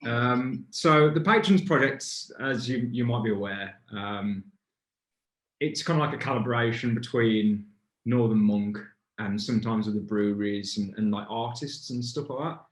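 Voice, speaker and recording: A man's voice: mid-range voice, normal speed, echoey room. A man hosting a casual beer review in a pub, rambling and stopping to restart his thoughts. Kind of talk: casual chat.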